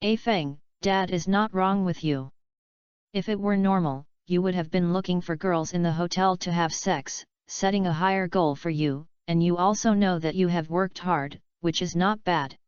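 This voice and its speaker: A scheming middle-aged father from a wealthy family, pushy and eager as he lays out his plans, read by a woman narrator. The tone sits low, smooth and very clear. The audio is dry and a little dull and lo-fi. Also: moderate pace, a little mellow, dry recording, natural voice.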